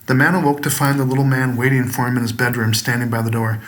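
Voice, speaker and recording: A man narrating a gothic horror story he wrote, in a measured, dramatic storytelling manner. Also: mid-range voice, fairly even intonation, a bit bright. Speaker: author and narrator.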